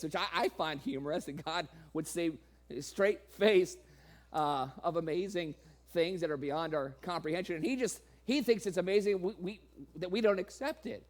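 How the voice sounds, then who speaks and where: A man preaching a sermon, laughing often and playfully acting out the people in his reading. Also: moderate pace. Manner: acts out quoted voices with sudden pitch jumps.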